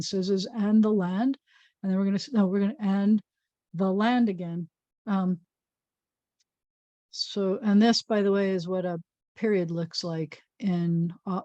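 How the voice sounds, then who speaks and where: A woman's voice: mid-range voice, dark tone, no room sound, muffled recording. A woman rabbi giving an informal Hebrew reading lesson, patiently sounding out letters and syllables with a playful touch.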